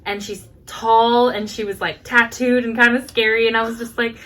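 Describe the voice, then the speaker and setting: Animated woman telling a story. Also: fairly high pitch, normal speed. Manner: animated storyteller, acts out quotes with laughs. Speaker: podcast co-host. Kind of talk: casual chat.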